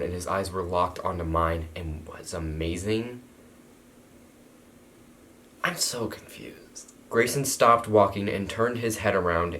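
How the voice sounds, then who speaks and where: A man's voice: low-pitched, a bit bright, slight background noise. A man reading a fanfiction about himself aloud and acting out its lines, breaking off with amused, mocking remarks. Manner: amused, mocking asides between read passages. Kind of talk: reading aloud and reenacting a story with joking asides.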